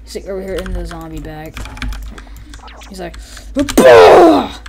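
A woman giving excitable gameplay commentary, rambling with lots of "like" and "freaking" and breaking into yelps and shouted sound effects. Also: lowish voice, moderate pace, heavy background noise.

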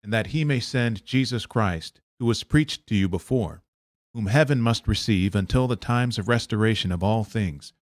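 A man reading Bible verses aloud in a steady, plain way during a church service. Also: fairly low pitch, moderate pace. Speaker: scripture reader.

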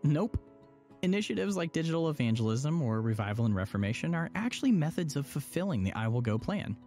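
Persuasive upbeat male presenter, lively intonation, faint music bed. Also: on the high side, fast. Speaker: church promo presenter. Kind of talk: scripted explainer dialogue.

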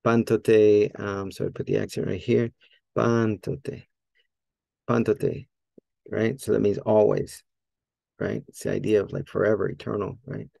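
A man giving a casual spoken Greek lesson, thinking aloud with many fillers and repeating Greek words slowly as he models them. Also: fairly low pitch, flat delivery, creaky, warm tone, slightly rough, dry recording. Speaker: Greek teacher.

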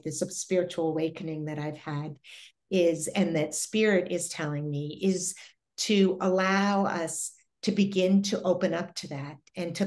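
A middle-aged woman with a fairly low voice tells a personal story as an interview guest. She talks earnestly and reflectively and often pauses and restarts her sentences. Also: darkish tone.

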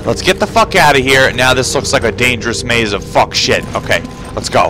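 A man talks over his gameplay in a loose, profane running commentary, his pitch bouncing a lot as he mutters and mocks the game. Game music plays clearly behind his voice. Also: sing-song, brisk. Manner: swearing, sarcastic, muttering to himself. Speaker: gamer. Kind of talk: profane let's play commentary.

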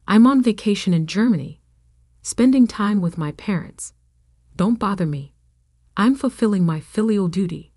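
A woman's voice: mid-range voice, expressive, moderate pace, dark tone, dry recording, clean studio sound, close to an everyday voice. A woman voicing a selfish, jobless husband who makes pushy, whining demands in a read-aloud story. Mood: demanding.

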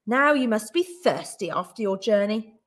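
A teacher voicing an excitable, kind-hearted middle-aged mother in a picture book, full of exclamations. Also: medium pitch, moderate pace, lightly acted. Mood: excited. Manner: exclamatory and fussing.

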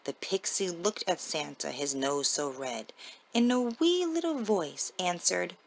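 Gravelly-voiced mom reading a storybook. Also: female voice, fairly low pitch, animated, low-quality recording. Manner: slow, sing-song rhyming delivery. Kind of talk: reading a children's picture book aloud.

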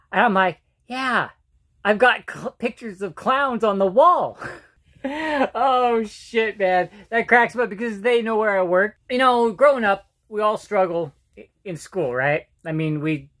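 A middle-aged man with a light, fairly high voice for a man, telling self-mocking stories in a loose vlog ramble. He stumbles over words, doubles back, and chuckles at his own jokes. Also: fairly bright tone. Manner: halting, with restarts and repeated words. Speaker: vlogger. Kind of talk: casual storytelling monologue.

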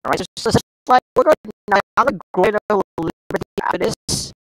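A woman giving casual gameplay commentary, excitable, yelping and exclaiming at the game with lots of slang. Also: medium pitch, fast talker, no room sound, low-quality recording. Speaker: gameplay streamer.

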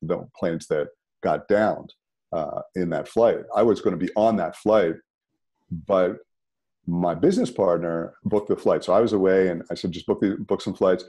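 A man, a podcast guest telling a personal story in a conversational, animated way. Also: low-pitched, normal speed, breathy edge. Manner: animated, rises sharply when emphatic.

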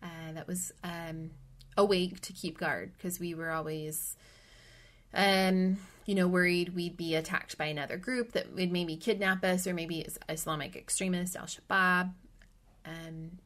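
Midlife woman from the midwest, kinda low voice, telling her story on a podcast, animated, goes hushed sometimes. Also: unhurried. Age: middle-aged. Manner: vivid, animated retelling, sometimes dropping to a hushed whisper. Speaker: podcast guest. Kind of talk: personal storytelling in an interview.

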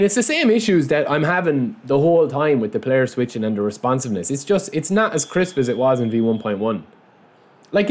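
A man commentating casually on his own football video game match, chatting to viewers and yelping at big moments. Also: mid-range voice. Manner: excitable, yelps and shouts at goals, chatty asides to viewers. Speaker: gameplay commentator. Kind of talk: casual let's-play commentary.

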